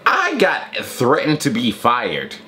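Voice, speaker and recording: A young man hosting a reaction video, telling loud, laughing, profane stories in casual chat. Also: mid-range voice, slow, noisy background. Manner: animated storytelling, laughing often, loud swearing outbursts.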